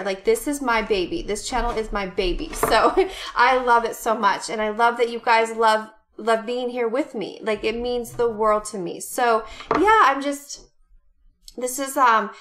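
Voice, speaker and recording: A woman vlogger opening fan mail on camera, chatting casually, gushing and excited, with frequent gasps and many rambling fillers. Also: fairly high pitch.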